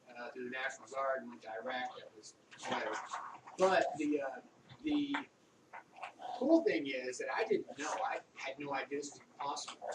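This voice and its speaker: A middle-aged Army veteran rambling through old stories in a casual, profane monologue. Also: male voice, mid-range voice. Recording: roomy, distant mic with faint background noise.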